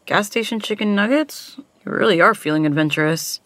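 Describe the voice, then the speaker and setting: A woman's voice: medium pitch, a little fast, fairly bright tone, no room sound, natural voice. An actress playing a playful young woman who teases her friends on a road trip. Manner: teasing, playful.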